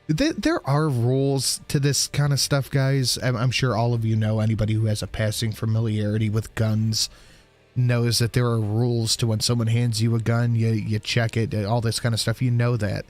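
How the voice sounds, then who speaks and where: A man hosting a live stream, reacting to clips in a casual, sarcastic way and swearing freely. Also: medium pitch.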